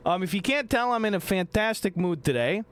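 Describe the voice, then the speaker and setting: A man's voice: high voice, brisk, smooth. A young man from the American Midwest chatting casually on a live stream, joking, swearing and reading viewer messages aloud. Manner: animated, joking, swears a lot, reads chat aloud.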